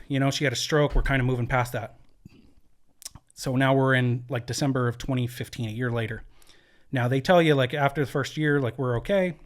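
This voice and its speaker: A man's voice: medium pitch, fairly bright tone. A man as a podcast guest in a studio, telling a personal story earnestly, with many fillers and restarts. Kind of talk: candid conversational storytelling.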